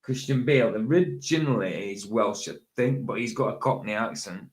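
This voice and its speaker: A man hosting a casual livestream chat, talking in a halting way with many pauses, fillers and self-corrections. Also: mid-range voice, expressive, a crowd in the background. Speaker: livestream host.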